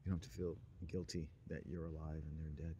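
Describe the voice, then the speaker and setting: Low-voiced man rambling sardonically. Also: little pitch movement, quick pace, dark tone, slight background noise. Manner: rambling, sardonic, laughs at his own jokes, mock voices. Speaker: monologue speaker. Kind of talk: rambling spoken monologue.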